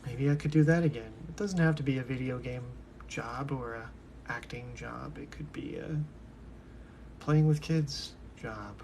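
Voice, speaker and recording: Brief: a young male streamer thinking aloud, gravelly and unhurried, drifting topic to topic. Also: mid-range voice, darkish tone, slight background noise. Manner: musing, talks to himself, drifts between topics. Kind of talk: rambling casual monologue.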